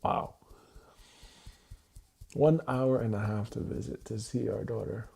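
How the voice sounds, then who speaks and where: A man with a low, husky, mellow voice speaks on a livestream. He talks in halting, repeated phrases and often restarts mid-thought. His delivery is raw and emotional. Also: steady tone. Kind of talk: unscripted emotional livestream monologue.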